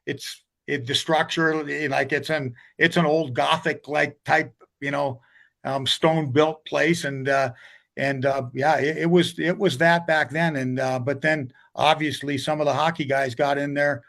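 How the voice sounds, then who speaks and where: A man's voice: fairly high pitch, steady tone, measured pace, vocal fry, fairly bright tone. An older man, a hockey coach telling rambling stories in a casual interview, with many restarts.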